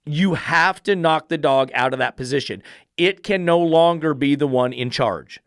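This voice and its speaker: A man's voice: on the high side, normal speed, no room sound, clean studio sound. A man who trains dogs, giving an instructional monologue in a blunt, profane, emphatic style full of rhetorical questions. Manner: rhetorical, lecturing. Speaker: dog trainer.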